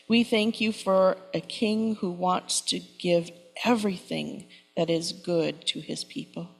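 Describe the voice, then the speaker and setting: A woman giving a children's message and prayer in simple, gentle words. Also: on the low side, vocal fry, husky, low-quality recording.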